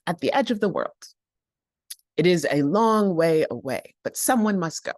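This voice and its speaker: A storyteller voicing an old male raven who calls out his news in a high, loud, excited voice. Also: normal speed, no room sound, studio quality. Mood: urgent.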